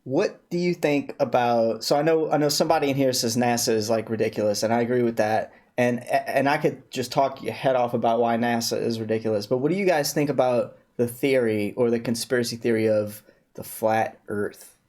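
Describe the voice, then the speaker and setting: A man's voice: mid-range voice, brisk, darkish tone. A man hosting a livestream, chatting casually with strangers and repeating words as he thinks. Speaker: livestream host. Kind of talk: casual chat on a video-chat stream.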